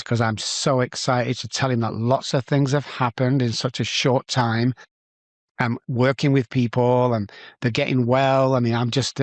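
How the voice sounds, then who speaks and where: In a podcast interview recorded dry, a middle-aged Manchester-accented man from England tells his own story with animation, acting out the dialogue in a medium-pitched voice.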